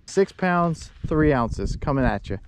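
A man's voice: animated, measured pace. A man giving joking, casual commentary while fishing from a small boat on shallow marsh water. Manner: joking, talks to fish in a silly high voice. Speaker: fishing vlogger. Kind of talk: casual outdoor vlog commentary. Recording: wind and water noise outdoors.

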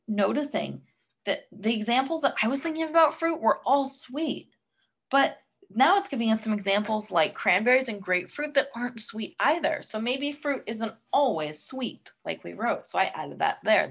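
A woman teacher leads a read-aloud lesson for young students. Her pitch moves in lively, animated swings. She keeps stopping to ask them gentle, coaxing questions. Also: moderate pace, gravelly, breathy edge.

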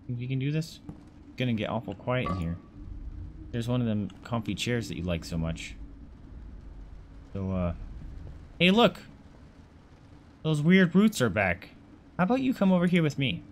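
A man narrating his own horror game run in a loose, joking way. He talks to the items he carries and admits how scared he is. His pitch sits in the middle range, with a faint hiss of noise behind him. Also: very animated, moderate pace, long pauses. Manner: jokey, talks to objects in the game, easily spooked. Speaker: let's play gamer. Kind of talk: casual horror game commentary.

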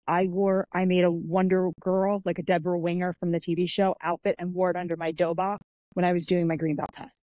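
Chatty woman guest, mellow warm voice, dry close sound, acts out everyone in her stories. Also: on the low side, no room sound. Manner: animated storyteller who acts out quoted people; chatty, with many "like" and "I'm like" fillers. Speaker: podcast guest, author and martial artist. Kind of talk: casual interview storytelling.

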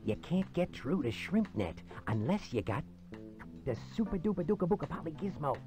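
A man voicing a laid-back male cartoon sea creature in a game, with lively rambling patter. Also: fairly high pitch, normal speed. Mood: bargaining. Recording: game audio over loud music.

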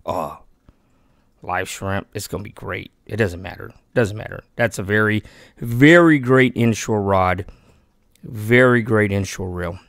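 A man's voice: fairly low pitch, a little slow, no echo, clean studio sound. A man hosting a fishing channel, chatting casually and eagerly about fishing gear and a giveaway. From Texas. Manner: chatty and excitable, talks himself out of keeping the gear. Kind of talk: casual giveaway vlog talk.

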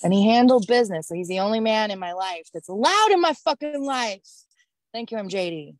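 A woman's voice: medium pitch, lively intonation, brisk, no room sound. A woman performing a stand-up comedy set online, telling stories in a brash, profane and exasperated way. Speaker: stand-up comic. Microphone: video call.

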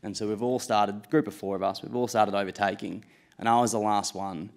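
A man's voice: fairly low pitch, steady tone, brisk, vocal fry, a little mellow. A man in his late twenties with an Australian accent, telling a true story live on stage in a casual, self-mocking way, with swearing and laughs.

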